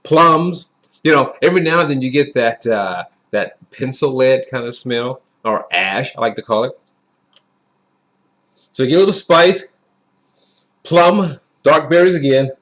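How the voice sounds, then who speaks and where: A man's voice: mid-range voice, lively intonation, unhurried, long pauses, a bit bright. A man giving a casual, chatty wine review in a folksy way that often repeats itself. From Wisconsin.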